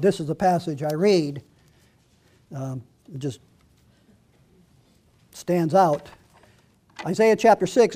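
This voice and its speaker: A man preaching a sermon, reading scripture slowly and earnestly and often restarting or correcting himself mid-sentence. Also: high-pitched, a little mellow. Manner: slows right down to read verses aloud.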